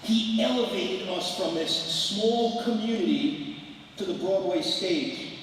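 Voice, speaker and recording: High-voiced older coach in echoey gym. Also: male voice, slow pace, slight background noise. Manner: animated, emphatic, breaks into shouts. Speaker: basketball coach. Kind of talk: coaching clinic lecture. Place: large gym hall at a clinic. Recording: echoey hall, distant mic, faint ambience.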